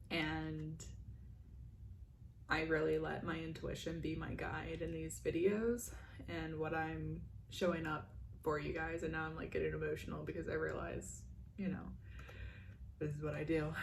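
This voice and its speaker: A young woman talks through a guided meditation and morning chat in a soft, rambling manner, a little nervous. Her voice sits a touch low with a gravelly fry at the ends of phrases. Faint background hiss runs under the recording. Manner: soft-spoken, rambling, nervous, with frequent fillers and laughs. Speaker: vlogger leading meditation and oracle card chat.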